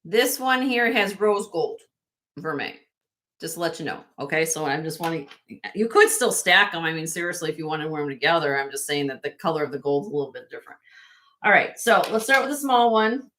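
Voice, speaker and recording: A woman's voice: sits low, expressive, fairly quick, a bit bright, slight background noise. A woman hosting a casual live-stream jewelry sale, chatty and self-correcting, laughing often as she shows pieces to viewers.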